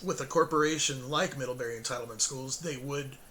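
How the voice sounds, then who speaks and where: A hoarse man hosting his own show gives a casual, rambling spoken update full of fillers, self-corrections and chuckles between sentences. His medium-pitched voice is brisk and bright, with a forceful tone.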